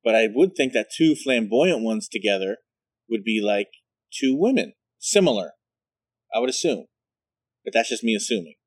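A man's voice: fairly low pitch, animated, moderate pace, pauses often, no room sound. A man telling rambling, profane family stories in casual chat, laughing at his own jokes.

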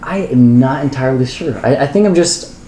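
A man's voice: medium pitch, animated, fairly quick, mellow. A young man co-hosting a podcast, telling a story in a rambling, self-mocking way and often repeating words. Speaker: podcast co-host. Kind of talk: casual chat, storytelling. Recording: roomy echo, faint ambient noise.

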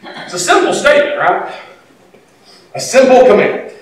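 Brief: middle-aged pastor, folksy storyteller, fairly high voice, distant mic in a very echoey sanctuary. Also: male voice, very animated, normal speed, a little hiss or hum. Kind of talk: sermon. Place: church sanctuary.

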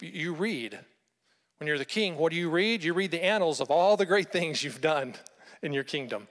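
A man preaching a sermon, retelling a Bible story with lively storytelling and rhetorical questions to his listeners. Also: a little high, in a large hall. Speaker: pastor.

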